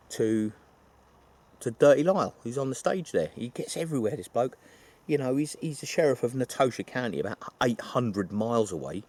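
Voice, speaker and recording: A man's voice: on the low side, a little mellow. A man retelling a film plot in a rambling, chatty way, full of asides. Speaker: film reviewer.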